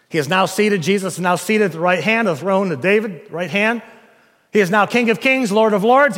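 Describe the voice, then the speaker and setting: A man preaches with a high, lively voice that swings widely in pitch, hammering his points home and throwing rhetorical questions at the listeners. His voice rings through a hall with a long reverb. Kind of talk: sermon.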